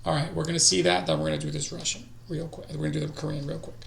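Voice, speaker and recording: Male streamer, casual self-talk, rough fry in the voice, roomy echo. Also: a little high, level tone, very fast, slight background noise. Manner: talks to himself, drifting into quiet mutters. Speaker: streamer learning languages. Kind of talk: casual live-stream study session. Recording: echoey room.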